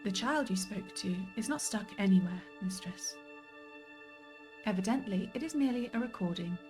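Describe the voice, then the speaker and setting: Casting: woman reading a proper, dry-spoken robot servant for a story game, formal and matter-of-fact, at a middling pitch. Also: lively intonation, normal speed, music in the background, lightly acted.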